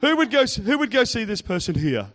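Man, children's talk at church; high, bouncy voice, chatty and teasing with the crowd. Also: big pitch swings, fast talker, fairly bright tone. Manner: chatty, teasing, quizzes kids and congregation. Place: church in front of a congregation.

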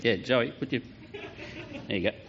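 A man's voice: medium pitch, moderate pace, creaky, heavy background noise. A man giving a playful, joking children's talk in church, quizzing the kids as he goes. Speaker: children's pastor. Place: church hall. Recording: dull lo-fi church sound.

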